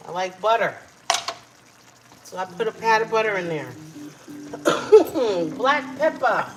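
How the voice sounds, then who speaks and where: A woman's voice: mid-range voice, slow pace, low-quality recording. A middle-aged woman hosting a live cooking stream from her home kitchen, chatting casually with viewers as she cooks.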